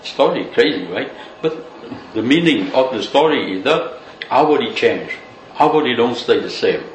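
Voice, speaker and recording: A man's voice: mid-range voice, expressive, moderate pace. A man giving a loose, conversational Buddhist teaching full of "you know" fillers. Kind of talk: dharma talk. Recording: echoey room with faint noise.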